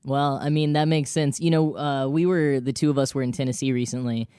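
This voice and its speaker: A man's voice: mid-range voice, fairly even intonation, brisk, warm tone, smooth, no room sound, clean studio sound. Laughing, self-deprecating Texan man co-host. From Texas. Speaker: podcast co-host. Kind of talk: casual chat.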